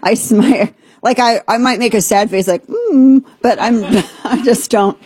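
A woman's voice: on the high side, moderate pace, breathy edge, dry recording. A woman hosting a radio talk show, rambling and joking through opinionated chat in a studio. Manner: rambling, joking, animated asides. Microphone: studio mic.

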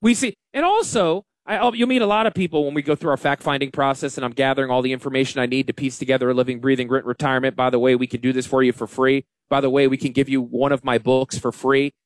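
A man hosting a financial radio show, talking in a folksy, self-deprecating, animated way. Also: mid-range voice, quick pace, hardly any pauses, no echo, studio quality. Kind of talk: casual radio talk.

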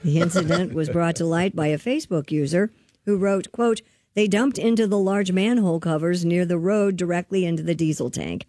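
A woman's voice: on the low side, moderate pace, dark tone, no echo, clean studio sound. A woman reading news items on a morning radio show, with giggly banter between stories.

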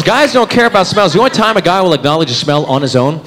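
A man's voice: a little high, fast talker, hardly any pauses. A man in his thirties performing a stand-up comedy routine, acting out characters as he goes. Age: 30s. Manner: animated, acts out characters in put-on voices. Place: comedy club stage. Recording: live hall with crowd noise. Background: audience laughter.

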